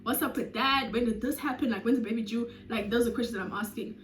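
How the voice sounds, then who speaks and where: A South African woman in her twenties telling a storytime vlog with animated, dramatic delivery and sudden loud bursts. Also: a little high, quick pace, soft background music. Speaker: YouTuber. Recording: roomy echo.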